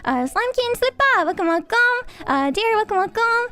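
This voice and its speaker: Bubbly high-voiced young woman streamer. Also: very animated, moderate pace, pushed and bright. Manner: bubbly, giggly, rambling greetings. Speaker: VTuber streamer. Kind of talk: casual livestream chat.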